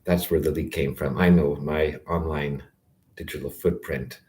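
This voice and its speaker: A man with an extremely deep, low-pitched voice delivers a loose, rambling rant straight to camera. His tone is sarcastic, and he keeps cutting himself off with fillers and restarts. He sounds like a vlogger airing grievances in one long, meandering take. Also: steady tone, normal speed, a little mellow. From Calgary, Canada.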